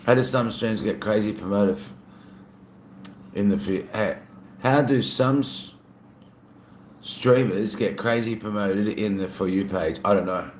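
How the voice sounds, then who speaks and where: A man's voice: lowish voice, a little slow, pauses often, echoey room, slight background noise. A man with an Australian accent, chatting casually on a live stream and reading out viewer comments. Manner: relaxed, chatty, laughs often.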